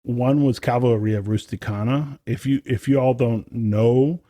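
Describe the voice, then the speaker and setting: A young man co-hosts a podcast in loose, casual chat. He rambles enthusiastically, piling up fillers and restarts. His mid-pitched voice sounds dry and close, with no room around it. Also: steady tone, moderate pace, warm tone, no room sound. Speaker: podcast co-host.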